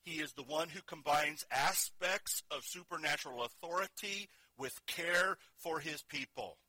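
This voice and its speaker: Bright-voiced man preaching a sermon. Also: a little high, measured pace, no echo, rough recording. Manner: earnest preaching, storytelling with swings between soft and loud delivery.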